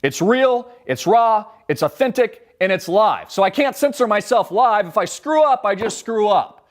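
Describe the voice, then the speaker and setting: A fired-up man ranting on his live commentary show, his voice sitting high and leaping all over the place. He talks bluntly and swears without holding back. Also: expressive, moderate pace. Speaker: show host.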